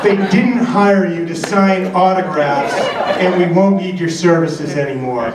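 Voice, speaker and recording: Man playing a stiff casting director, formal and flat, far off in an echoey hall. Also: high voice, a little slow, over a noisy crowd, very noisy. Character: stiff male casting director firing an actor.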